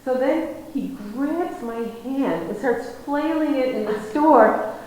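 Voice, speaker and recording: An American woman lecturer tells her story in a rambling, self-interrupting way, often restarting mid-sentence. Her voice sits fairly high, and a strong echo fills the hall, with faint noise underneath. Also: slow, warm tone. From United States. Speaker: guest lecturer.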